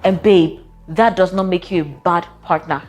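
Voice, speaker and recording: A woman's voice: on the low side, moderate pace, a little mellow, soft background music. Sassy woman therapist. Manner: sassy, playful, direct. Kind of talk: casual advice vlog.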